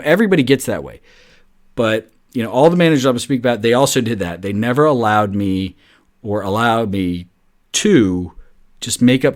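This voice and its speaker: Male podcast host, middle-aged, lowish voice; casual off-the-cuff storytelling, filler-heavy with "like" and "right?". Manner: chatty, loose, peppered with "like" and "right?".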